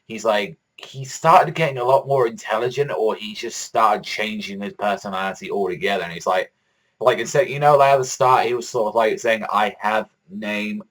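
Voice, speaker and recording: A man's voice: on the low side, brisk. A man giving a casual, rambling review of a manga chapter, swearing often and filling his talk with "like". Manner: rambling, profane, heavy use of "like"; excitable fan enthusiasm.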